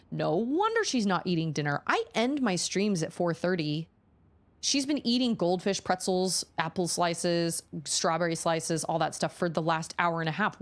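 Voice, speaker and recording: A woman streamer talking casually with her viewers in a low, gravelly voice. She tells stories in a chatty way and acts out the lines she quotes. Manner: chatty storyteller acting out quotes.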